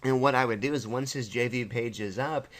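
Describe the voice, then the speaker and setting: A man's voice: mid-range voice, fairly quick. A man teaching an online marketing course in a casual screen-share tutorial, rambling with many fillers and self-corrections, his voice slightly worn.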